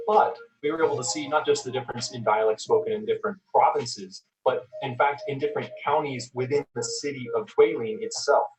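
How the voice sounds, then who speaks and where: A man's voice: medium pitch, a little mellow, distant mic, poor audio. Young Texan man, documentary voice-over, chatty explanatory delivery. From United States, Texas. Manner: explanatory, conversational with fillers like "like". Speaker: video narrator, student of Chinese.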